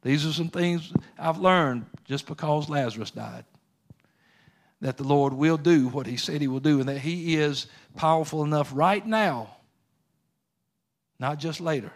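A man's voice: fairly high pitch, measured pace, pauses often. A male preacher delivering a sermon in casual, emphatic speech, driving points home with repeated rhetorical questions.

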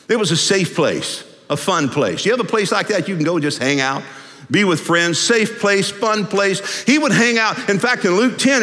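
Pastor guy telling the story loose and funny, high voice, echoey. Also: bright, forceful tone. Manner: conversational, humorous storytelling. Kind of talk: sermon. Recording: echoey hall.

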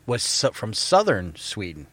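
A man from Florida co-hosting a casual movie review chat, rambling with fillers and quick laughs. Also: lowish voice, huge pitch swings, a bit bright, dry recording. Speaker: podcast co-host.

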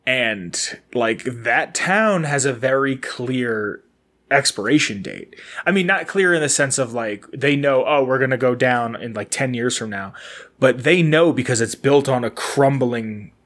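A man's voice: mid-range voice, fairly bright tone. A man hosting a casual solo podcast, rambling and correcting himself as he talks. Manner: rambling, chatty, self-correcting, laughs easily. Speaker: podcast host. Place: indoors in a building he recently moved into. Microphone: camera and microphone setup.

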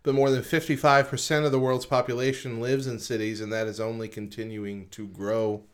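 A man co-hosting a casual podcast, reading statistics from a list with frequent pauses and adding informal comments. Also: mid-range voice, little pitch movement, clear, resonant tone. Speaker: podcast co-host.

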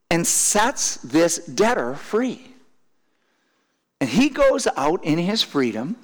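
A man's voice: on the high side, in a large hall. A man preaching a sermon, often restarting and repeating his words as he explains a passage. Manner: halting, repeats words, laughs now and then.

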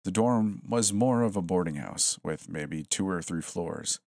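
A man narrating a horror story in a steady, tense storytelling manner. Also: low-pitched, unhurried, no room sound, studio quality.

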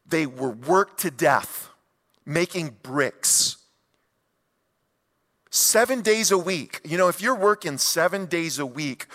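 A male pastor delivers a sermon with animated emphasis and folksy asides. His voice sits fairly high and rings bright and forceful. It carries the long reverb of a large hall. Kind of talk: expository sermon.

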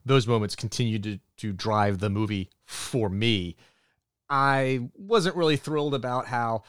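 A man co-hosting a podcast, recapping a film in an animated storytelling way. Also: medium pitch, measured pace, smooth, no echo, studio quality. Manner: animated storytelling, acts out character quotes. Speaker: podcast co-host. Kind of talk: movie review recap.

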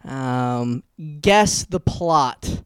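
A man's voice: mid-range voice, expressive, very slow, smooth, no room sound. A man hosting a podcast interview, jokey and stumbling, often repeating his words as he asks questions. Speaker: podcast host. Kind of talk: casual interview chat.

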